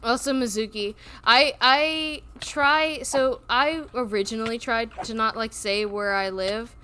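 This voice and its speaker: A woman's voice: a little high, a little slow, sharp tone, a little hiss or hum. A woman with a Southern US accent, streaming from home and chatting casually, sometimes reading out chat messages. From South Carolina, US. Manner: hesitant, reads out chat messages.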